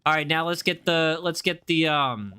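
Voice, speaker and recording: A man with a high, very bright and sharp-edged voice runs a live game stream. He is hyped and playful, calling out to his chat and reading their messages aloud as he plays. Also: normal speed, slight background noise.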